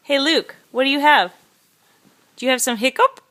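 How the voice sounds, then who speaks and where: A young mother at home chats with her small child in a home video. She coaxes him gently and repeats simple questions, keeping her speech easy for a toddler to follow. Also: sits high, animated, normal speed. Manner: coaxing, asks simple questions over and over.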